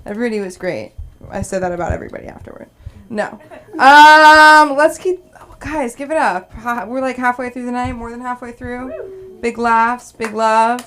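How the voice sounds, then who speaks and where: A woman's voice: on the high side, normal speed. A woman hosting an open mic, upbeat and rallying the crowd between acts. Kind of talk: emcee patter. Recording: loud noisy club recording.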